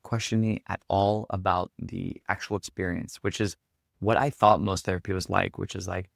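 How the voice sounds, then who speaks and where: A man with a fairly low, gravelly voice talks as a podcast guest, recounting his experience in a reflective, candid way. His speech is loose and filled with casual fillers. The sound is dry and close, with no room echo. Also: little pitch movement, normal speed. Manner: reflective, heavy use of filler words. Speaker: podcast guest, performance coach. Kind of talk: candid conversational storytelling.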